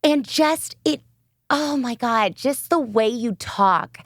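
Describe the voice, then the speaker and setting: A woman's voice: a little high, expressive, slow pace, dry recording, studio quality. Gushing Southern woman podcast host. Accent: Southern American. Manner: gushing, giggly. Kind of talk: casual interview chat.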